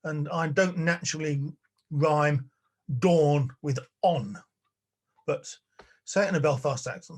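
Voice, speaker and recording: Older lecturer, fairly high-voiced, chatty and wry, talking from a home study. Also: male voice, slow pace, pauses often, a little mellow. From England. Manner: wry, chatty, with little chuckles. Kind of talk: illustrated public talk. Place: spare-bedroom study at home.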